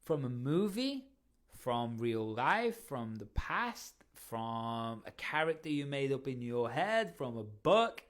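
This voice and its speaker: Lively-pitched energetic male podcast host. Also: slow. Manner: energetic, coaching listeners with questions. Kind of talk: motivational solo podcast.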